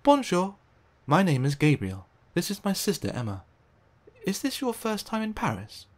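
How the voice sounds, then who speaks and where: A man's voice: sits high, wildly swooping pitch, moderate pace, pitched above the performer's own voice, heavily acted. A man voicing Gabriel, a polite and welcoming young boy who shows visitors around in a picture book. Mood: friendly. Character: friendly young French boy, helpful guide.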